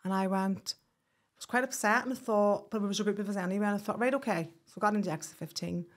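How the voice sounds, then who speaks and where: A woman telling a painful personal story as a podcast guest, halting and restarting, acting out what people said. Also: medium pitch. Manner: halting, with restarts and quoted speech. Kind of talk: emotional personal account.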